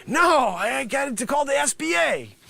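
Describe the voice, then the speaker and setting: A man hosting a live improv comedy show, rambling through a pitchman bit and talking to an imagined panel, now and then bursting into shouts. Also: big pitch swings, unhurried, creaky.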